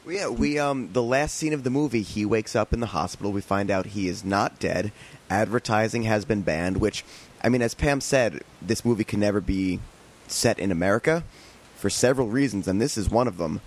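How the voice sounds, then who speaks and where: A man's voice: fairly low pitch, fairly quick. A man co-hosting a podcast, giving wry, incredulous commentary on a film. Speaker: podcast co-host. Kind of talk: casual chat.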